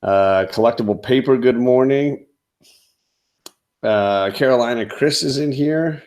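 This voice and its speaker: A man with a mid-range, darkish voice speaks unhurriedly while hosting a casual comics livestream from home, in front of a comic display. His talk rambles, with lots of fillers.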